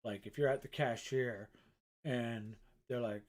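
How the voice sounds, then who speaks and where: Middle-aged guy rambling on a live stream, swears a lot, pokes fun at himself, average pitch. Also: steady tone, measured pace. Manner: rambling, self-mocking, swears freely. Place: his art studio.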